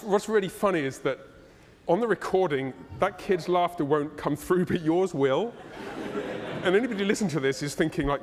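Animated pastor preaching in a reverberant hall. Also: male voice, on the high side, slight background noise. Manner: animated, playful storyteller. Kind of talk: sermon. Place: church hall, live congregation. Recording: long reverb of a church hall.

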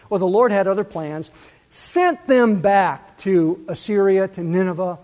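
A man preaching a sermon, animated and full of rhetorical questions, swinging between loud and soft. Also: high-pitched, unhurried. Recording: long reverb.

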